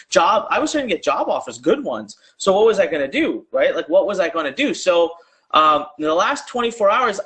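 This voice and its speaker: A man with a high voice talks to a live online audience in a casual, slangy way. He pushes the viewers to type their answers in the chat and keeps a pressing, salesy rhythm. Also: a bit bright. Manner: urgent and conversational, drives audience to type replies in chat. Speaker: online business coach. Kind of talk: live-streamed sales pitch.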